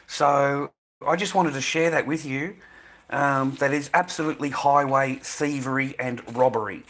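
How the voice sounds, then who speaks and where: A man's voice: medium pitch, steady tone, moderate pace, a bit bright. A middle-aged man with an Australian accent, ranting angrily to camera with lots of swearing, stumbling and repeating himself. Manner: angry, profane, repeats himself, stumbles over words. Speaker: vlogger.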